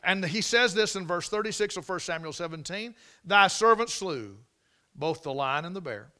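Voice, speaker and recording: A man preaching a sermon, telling the story dramatically and swinging from loud exclamations to near whispers. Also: high-pitched, lively intonation, normal speed.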